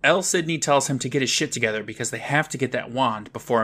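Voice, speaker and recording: A man with a bright, forward voice talks through a TV episode with a friend. He keeps it loose and chatty, and he slips into quick put-on voices whenever he quotes the characters. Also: mid-range voice. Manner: recaps the plot and pops into voices for quoted lines. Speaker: podcast co-host. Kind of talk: casual recap of a TV episode.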